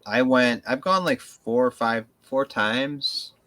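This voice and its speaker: A man's voice: mid-range voice, takes it slowly. A man on a podcast, chatting casually and telling rambling stories with plenty of profanity. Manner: rambling, animated storytelling with profanity. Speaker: podcast co-host. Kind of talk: casual chat.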